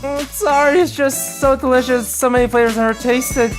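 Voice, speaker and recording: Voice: medium pitch, animated, unhurried, over music, natural voice. A reader voicing a timid young girl who gushes with wonder over simple treats, while reading a game story aloud. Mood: delighted. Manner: gushing, breathless wonder over small treats.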